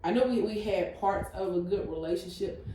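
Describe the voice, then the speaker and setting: A woman telling stories in casual faith talk, animated and often laughing. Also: mid-range voice, moderate pace, slight background noise. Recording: echoey room, distant mic.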